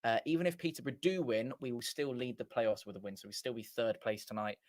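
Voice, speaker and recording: A man's voice: mid-range voice, fast talker, darkish tone, dry recording. A man hosting a fan watchalong, giving casual live match commentary in a chatty, rambling way and often correcting himself. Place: small home studio.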